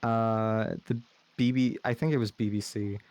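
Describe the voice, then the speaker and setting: A man's voice: on the low side, fairly even intonation, measured pace, darkish tone. A man with a slight lisp and a general American accent, rambling through a casual podcast chat with lots of fillers. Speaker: podcast co-host.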